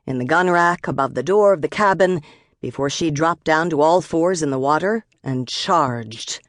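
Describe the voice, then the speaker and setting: Woman, low voice, expressive audiobook narration, close studio mic, dry booth. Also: dry recording. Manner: measured, expressive storytelling.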